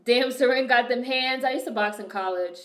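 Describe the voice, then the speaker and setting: A young woman streaming and chatting casually with her viewers, telling animated stories full of swearing. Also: on the high side, moderate pace. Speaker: streamer reacting to a movie and reading chat. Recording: echoey room.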